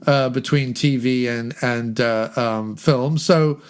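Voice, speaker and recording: A man's voice: medium pitch, takes it slowly, smooth. A man chatting casually about a film, digressive and laughing at his own jokes. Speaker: podcast film discussion guest.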